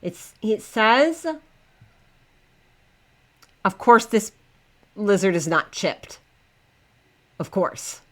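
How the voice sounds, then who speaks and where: A woman's voice: mid-range voice, lively intonation, extremely slow, pauses often. A young woman streaming a game live, chatting to herself and her in-game pets in a flustered, talkative way. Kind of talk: live gameplay commentary.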